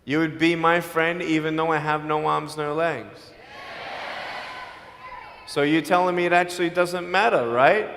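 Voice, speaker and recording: Male motivational speaker, fairly high voice, animated storyteller, echoing hall. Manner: animated storytelling, acting out the people in his story; playful jokes mixed with earnest appeals. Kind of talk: motivational speech to a live audience.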